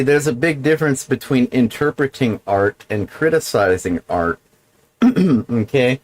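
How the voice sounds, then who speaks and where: A man's voice: mid-range voice, darkish tone, low-quality recording. Rambling, profane man on a stream. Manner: meandering, profane, digressive. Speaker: livestream host. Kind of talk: rambling solo livestream monologue.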